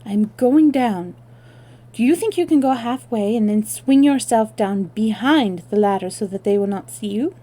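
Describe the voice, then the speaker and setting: Brief: bold young French maid girl, urgent and higher than the narration, read by a woman. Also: normal speed, lightly acted. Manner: urgent and hushed, with French exclamations.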